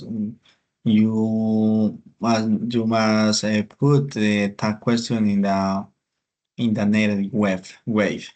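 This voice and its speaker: A man explaining grammar exercises in an online class, speaking haltingly with restarts and hesitant fillers. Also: lowish voice. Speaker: class presenter.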